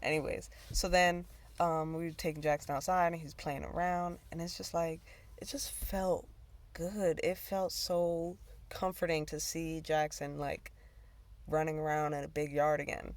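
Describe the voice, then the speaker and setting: On her own talk show, this host tells a personal story in a loose, rambling way, cursing and breaking into laughter now and then. Her voice is low, with little movement in pitch, and she keeps a moderate pace.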